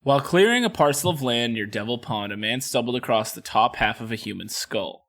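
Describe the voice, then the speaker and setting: A man's voice: mid-range voice, lively intonation, fairly quick, a bit bright. A man co-hosting a true-crime podcast, reading out case notes and joking between them. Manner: reads case notes, then jokes and chats.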